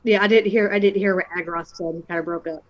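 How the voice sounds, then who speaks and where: A woman playing a tabletop game over a patchy online call, speaking at a middling pitch. She talks quickly and asks for things to be repeated, over a faint hiss of noise. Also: fairly even intonation, muffled recording. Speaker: player. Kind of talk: casual tabletop game play. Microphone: online call with a dropping connection.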